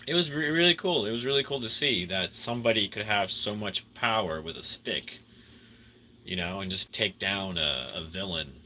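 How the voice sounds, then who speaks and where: A tired man hosting a casual livestream chat with viewers, rambling and swinging between loud excitement and low mumbles. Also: moderate pace, a little hiss or hum. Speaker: livestream host chatting with viewers.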